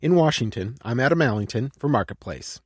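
A man's voice: medium pitch, expressive, fairly quick, darkish tone, dry recording, studio quality. A man, a radio reporter, reading a scripted news piece in a light, conversational way.

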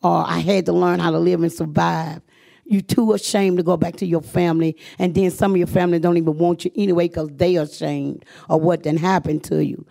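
A middle-aged woman tells her life story to a room of listeners in a gravelly, creaky voice. She talks earnestly and slips into the voices of the people she quotes, her pitch climbing when feelings run high. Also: fairly even intonation, fairly quick, warm tone. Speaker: speaker sharing her recovery story. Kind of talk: personal testimony to an audience.

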